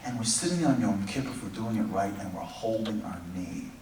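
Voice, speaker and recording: A man's voice: fairly low pitch, fairly quick, a little hiss or hum. Man preaching in a very echoey hall. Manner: animated storytelling, acting out the voices in his stories. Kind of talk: sermon. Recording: echoey hall from far off, faint background.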